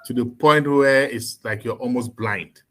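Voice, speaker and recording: A man's voice: mid-range voice, unhurried, fairly bright tone. A man speaking earnestly and with emphasis as a guest in an online panel discussion.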